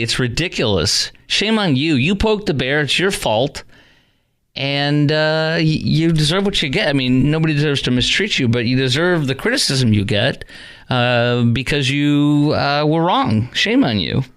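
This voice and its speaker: A man hosting a talk radio call-in show, talking in an animated, indignant, rambling way with many restarts. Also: medium pitch. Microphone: studio microphone.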